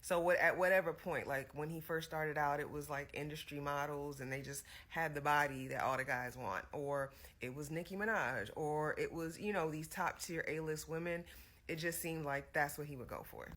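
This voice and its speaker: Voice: medium pitch, normal speed, fairly bright tone. A vlogger giving loose, conversational opinion commentary, often filling with "like" and "you know what I'm saying.".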